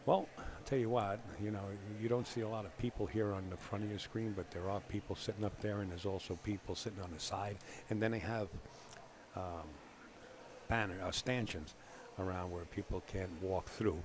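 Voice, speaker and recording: A man's voice: on the low side, fairly even intonation, moderate pace, background noise. A man with a Bronx New York accent doing live play-by-play commentary on a billiards match, mixing his calls with joking, teasing banter. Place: alone in a small commentary room.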